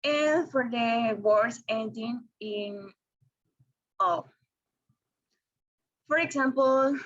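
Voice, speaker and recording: Slow, careful woman presenting a lesson. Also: fairly high pitch, muffled recording. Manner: slow and careful, with frequent ums and restarts. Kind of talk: reading a class presentation.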